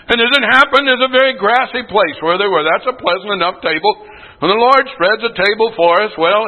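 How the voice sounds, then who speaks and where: An older man preaching a sermon, earnest, rising to emphatic lines and dropping to hushed ones. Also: high-pitched, poor audio.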